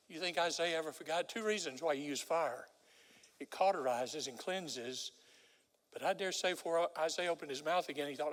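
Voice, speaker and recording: Older preacher in a reverberant church. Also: male voice, a little high, normal speed. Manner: dramatic storyteller, swings from loud to hushed. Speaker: guest preacher. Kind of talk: sermon with storytelling. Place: large church sanctuary. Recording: long hall reverb.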